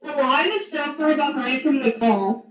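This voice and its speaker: Teasing woman on a call, high voice, far off in an echoey room. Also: unhurried. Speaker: call participant. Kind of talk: casual group call chat. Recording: distant echoey call audio.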